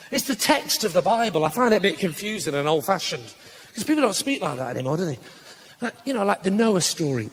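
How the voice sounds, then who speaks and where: A middle-aged Northern English comedian works a theatre crowd on stage, his voice pitched high and swinging widely. He jokes with the audience and suddenly shouts for effect. The live recording carries clear crowd noise underneath. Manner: bantering with the audience, sudden loud outbursts. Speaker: stand-up comedian.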